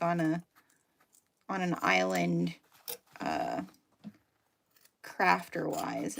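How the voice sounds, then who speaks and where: Chatty, gravelly woman teaching sewing. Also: lowish voice, a little hiss or hum. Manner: chatty, many "like" and "um" fillers, thinking aloud while working. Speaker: sewing teacher hosting a live sew-along. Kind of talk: casual live tutorial.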